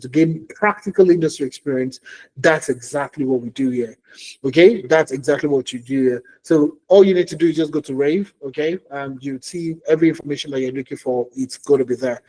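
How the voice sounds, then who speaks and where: A man's voice: a little high, a little mellow, low-quality recording. A man presenting a career webinar for tech job seekers, who talks emphatically, repeats key phrases and keeps checking in with "okay?" and "all right?".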